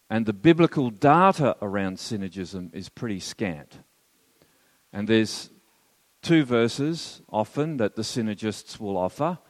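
A man's voice: mid-range voice, long reverb tail. A man teaching theology as a sermon, earnest and emphatic, with wry asides to his listeners. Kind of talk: sermon lecture.

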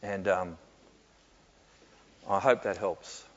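A man answering questions in a sermon, reflective and often pausing with fillers and soft laughs. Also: low-pitched. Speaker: pastor. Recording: muffled with long hall reverb.

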